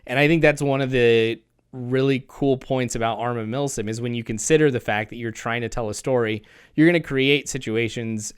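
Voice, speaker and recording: A man's voice: medium pitch, smooth, no echo, studio quality. A man who is a guest on a casual podcast chat, talking enthusiastically in a rambling way. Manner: enthusiastic, rambling with restarts and laughs.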